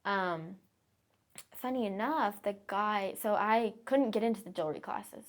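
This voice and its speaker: A woman's voice: mid-range voice, unhurried. A young adult woman, a podcast guest, telling stories in a casual, chatty way with lots of fillers. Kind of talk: casual storytelling interview.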